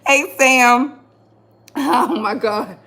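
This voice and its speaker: A woman with a high, bright, forceful voice speaks very slowly while hosting a casual live stream. She chats with viewers in slangy speech and laughs often and heavily, giving live chat commentary.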